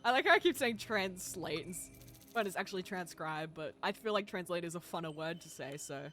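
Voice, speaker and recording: A man's voice: sits high, expressive, fairly quick, music in the background. A young man streaming a game, chatting casually with his viewers in a giggly, teasing way. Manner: giggly, playful teasing of chat. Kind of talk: casual game livestream chat.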